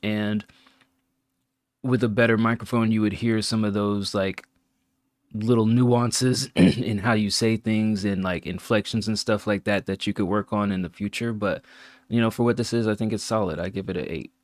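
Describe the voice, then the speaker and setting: A man with a fairly low voice speaks casually and wryly, cracking jokes between song picks. The sound is dry and close, with no room echo. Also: steady tone, normal speed. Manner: wry, joking, reads out titles plainly. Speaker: co-host picking and rating listener tracks. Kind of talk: casual critique chat.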